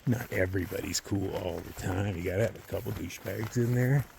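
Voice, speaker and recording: Swearing hiker ranting outdoors. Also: male voice, deep voice, brisk, creaky, noisy background. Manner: profane, animated rant that swings between loud outbursts and muttered asides. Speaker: long-distance thru-hiker vlogger. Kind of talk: casual storytelling. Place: outdoors on a hiking trail.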